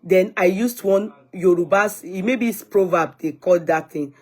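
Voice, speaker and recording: A woman's voice: on the low side, a little slow, a little mellow. A Nigerian woman vlogger chatting casually to her viewers, answering commenters and slipping in Yoruba phrases.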